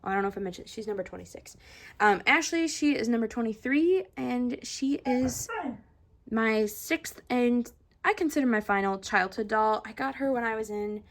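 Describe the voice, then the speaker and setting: A young woman chatting casually in a vlog, showing her doll collection, full of ums and likes, sometimes dropping to a soft whisper. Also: fairly high pitch, normal speed. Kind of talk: casual show-and-tell vlog.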